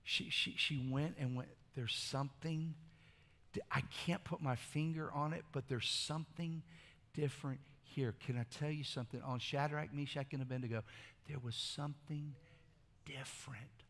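A male pastor preaching a sermon, telling stories casually and moving between hushed, intimate lines and loud, shouted exclamations. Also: on the high side, steady tone, normal speed, long reverb tail.

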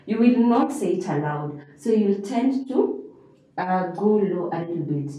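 A woman teaches a revision lesson, going over each point several times and checking in with a rising "okay?". Her tone is mellow and relaxed. She sounds distant, in a very echoey room. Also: medium pitch, measured pace. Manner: repeats key phrases, frequent rising "okay?" checks. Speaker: English teacher.

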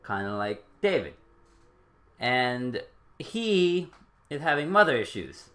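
A man's voice: medium pitch, very animated, takes it slowly, sharp tone. A man giving casual let's play commentary, wry and reactive, with swearing. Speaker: gaming video host.

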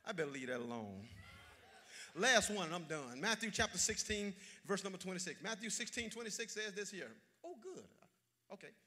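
A male pastor delivers a sermon from the pulpit in a high, very bright, cutting voice. He hammers phrases over and over and half-sings some lines. He swings from full shouts down to near-whispers. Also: expressive, normal speed. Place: church sanctuary.

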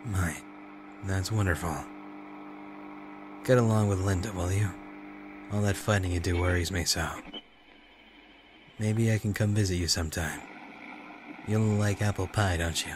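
A man's voice: low-pitched, steady tone, measured pace, long pauses, background noise. A man voicing a frail, confused old mother who frets over her son. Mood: fond.

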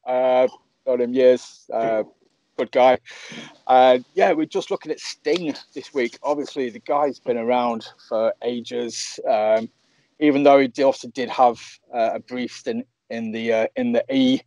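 Guy hosting a chat podcast, laid back, lots of uhs and ums, mid pitch. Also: unhurried, poor audio. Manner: relaxed, filler-heavy, upbeat intros. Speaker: podcast host. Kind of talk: casual wrestling podcast chat.

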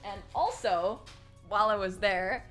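A young woman hosting a casual unboxing vlog, gushing and excitable, often squealing with delight. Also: medium pitch, a little slow. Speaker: YouTuber. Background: faint lo-fi music.

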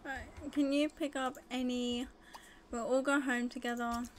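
A woman casually narrating her own life-sim game, gushing and excitable with frequent gasps and squeals. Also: sits high, measured pace, slight background noise. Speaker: gaming video host. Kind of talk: casual let's-play commentary.

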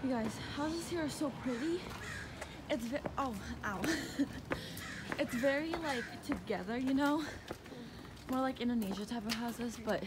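A young woman vlogging on city streets, chatty and excitable, often breaking into laughter. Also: fairly high pitch, a little slow. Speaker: travel vlogger. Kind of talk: casual vlog narration to camera. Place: outdoors on busy city streets. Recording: loud street noise outdoors.

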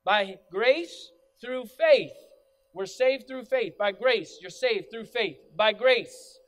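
A middle-aged male pastor delivers a sermon in his church, his voice strikingly high for a man. He preaches emphatically, circling back to the same phrases and calling on the congregation to repeat them. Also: lively intonation, slow pace, soft background music. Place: church sanctuary.

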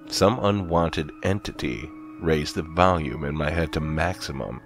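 A man's voice: a bass voice, a little slow, faint music behind. A man narrating a horror story in a grave, dramatic, scripted reading.

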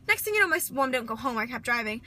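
A woman's voice: on the high side, very animated, rapid-fire, sharp tone. A young woman chatting through a casual vlog, rambling and dramatic. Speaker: vlogger.

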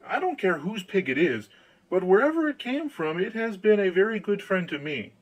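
A man's voice: sits high, sing-song, moderate pace, pitched above the performer's own voice, rough recording. A man voicing a simple, cheerful young man who is easily pleased, in an eager, naive manner.

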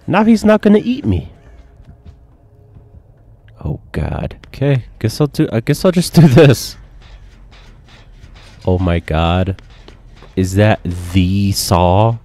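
A man giving casual gameplay commentary, excitable, profane and joking, with sudden yelps. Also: medium pitch, takes it slowly, vocal fry, long pauses. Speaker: gaming commentator.

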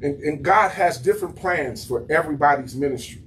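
A man's voice: a little high, lively intonation, fairly quick, fairly bright tone, far from the mic, a little hiss or hum. A man pastor preaching in a conversational way to his congregation in a small church room, repeating words as he builds his point. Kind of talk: sermon.

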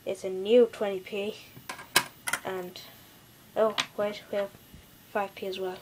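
Slow, silly young girl vlogging at home. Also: medium pitch, level tone, very noisy. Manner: silly, giggly storytelling with mock-serious asides. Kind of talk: playful home video tour. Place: home bedroom.

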